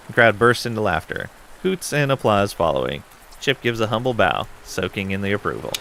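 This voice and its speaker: Guy streaming a game, reads the story out, relaxed, bright lowish voice. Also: brisk, gravelly, slight background noise. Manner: relaxed, with frequent ums and asides. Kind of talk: casual game playthrough, reading story text aloud.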